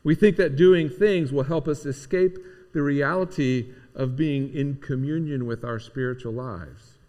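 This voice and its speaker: A man's voice: medium pitch, a little slow, warm tone. A man preaching a conversational sermon, talking informally to his congregation with frequent restarts. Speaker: pastor. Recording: long hall reverb.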